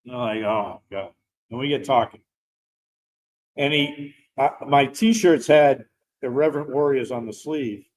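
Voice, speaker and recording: A man's voice: mid-range voice, a little slow, rough recording. A middle-aged man, a veteran guest, telling a personal story in a casual, rambling way. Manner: rambling, animated storyteller who laughs while talking.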